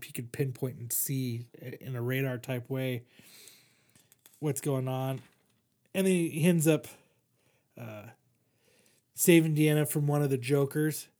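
A man's voice: mid-range voice, steady tone, normal speed, pauses often, darkish tone. A young man in casual chat, hosting a podcast and retelling a comic issue in a rambling, profane way full of fillers. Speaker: podcast host reviewing comics.

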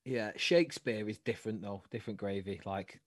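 A man's voice: lowish voice, fairly quick, dry recording. A man, an actor and comedian, chatting as a podcast guest, bantering back and swearing casually. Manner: bantering, swears, defends his craft. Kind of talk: casual chat.

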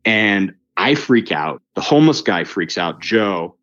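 A lively man tells a story in a relaxed, rambling way, with a fairly low voice that shoots upward at the exciting parts. He restarts his sentences often and leans on "like." The recording sounds dull and lo-fi. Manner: animated, pitch leaps up when recounting excitement; quick with frequent restarts and "like". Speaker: guest telling his story. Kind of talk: casual spoken storytelling.

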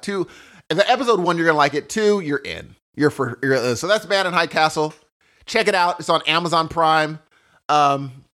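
A man co-hosting a podcast in casual chat, animated and prone to sudden high exclamations. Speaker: podcast co-host.

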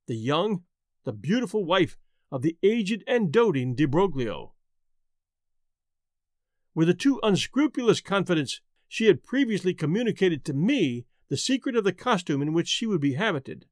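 A man narrating a gothic tale as a dramatic reading, measured and slowing for emphasis. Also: high-pitched, no echo, clean studio sound.

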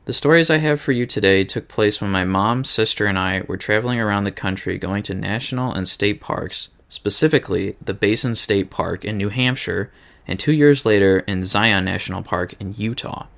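A Midwestern American man with a low, gravelly voice co-hosts a casual podcast. He reads a listener's story aloud and keeps breaking off to joke around and swear. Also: normal speed, fairly bright tone. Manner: joking, swears freely.

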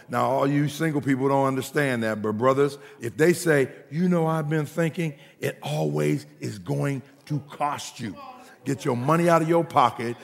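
A male pastor preaching a sermon to a congregation, with humorous asides and call-and-response that builds to shouting. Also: mid-range voice, gravelly, big-room sound.

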